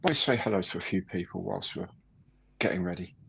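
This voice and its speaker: A man's voice: low voice, a little fast, vocal fry, sharp tone, slight background noise, low-quality recording. A man hosting a casual live stream, chatting and greeting viewers by name.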